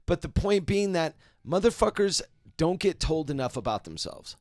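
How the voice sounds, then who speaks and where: A man's voice: a little high, normal speed, dry recording, studio quality. A man, a comedian guest on a podcast, telling a profane story in casual chat. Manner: animated, profane storytelling, acts out quotes loudly.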